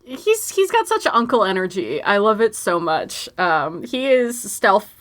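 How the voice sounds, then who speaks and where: A woman's voice: mid-range voice, big pitch swings, unhurried. A young woman co-hosting a podcast in casual chat, laughing often and talking with lots of fillers. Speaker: podcast co-host.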